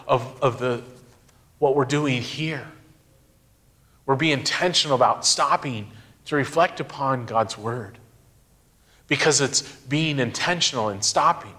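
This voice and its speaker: A middle-aged man giving a sermon, speaking in a slow, reflective way with emphatic pauses. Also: medium pitch, pushed and bright. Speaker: pastor.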